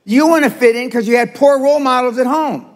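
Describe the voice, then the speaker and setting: A man's voice: very high voice, fairly quick. An older man giving a motivational seminar talk to a live audience, blunt, profane and confrontational. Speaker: seminar speaker. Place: large seminar hall with audience. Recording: reverberant live hall recording.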